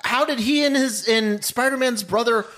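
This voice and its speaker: A man's voice: extremely high pitch, normal speed, pushed and bright. A man co-hosting a casual movie-review podcast, talking in a loose, rambling way full of "like" and questions. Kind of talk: casual chat.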